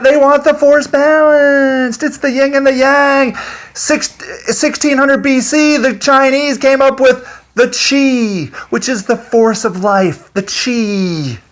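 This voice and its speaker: A man's voice: extremely high pitch, fairly bright tone. A man delivering an angry, profane, unscripted rant to his audience, breaking into laughter between points. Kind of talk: unscripted ranting monologue.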